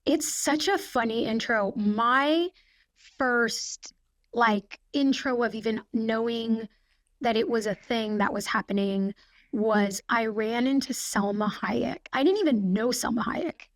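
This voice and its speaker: A woman's voice: fairly high pitch, a little slow, no echo. Chatty woman telling stories, dry sound. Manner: chatty storyteller with many fillers. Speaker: guest actress. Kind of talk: casual podcast conversation. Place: podcast studio.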